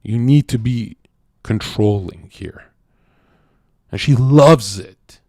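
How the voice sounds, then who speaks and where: A man streaming a brash, profane rant to his chat, swinging from loud shouts to low murmurs. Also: takes it slowly, no room sound, studio quality.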